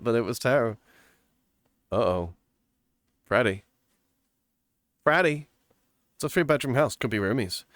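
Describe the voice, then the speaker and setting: A man's voice: medium pitch, a bit bright, dry recording, clean studio sound. A man streaming live, chatting casually and playfully, giggling often and reading viewer comments aloud.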